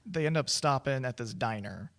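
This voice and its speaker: A man's voice: medium pitch, animated, normal speed, a bit bright. Man, podcast co-host, casual film chat, chatty, laughs often. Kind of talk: casual movie discussion.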